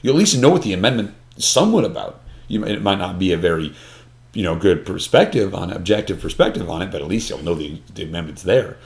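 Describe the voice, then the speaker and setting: Male panel guest, lowish voice, earnest and emphatic, repeats words as he restarts, drops quiet now and then. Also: very animated, fast talker, gravelly. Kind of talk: conversational discussion.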